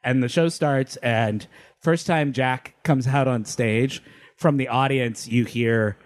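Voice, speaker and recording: A man casually telling a story among friends, animated, laughing often and restarting sentences. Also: mid-range voice, takes it slowly.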